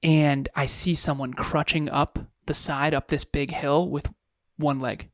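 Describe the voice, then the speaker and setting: A man's voice: a little high, flat delivery, measured pace, a bit bright, no room sound, studio quality. A man in his thirties co-hosting a podcast, telling stories in an earnest, reflective way. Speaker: podcast co-host. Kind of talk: casual chat.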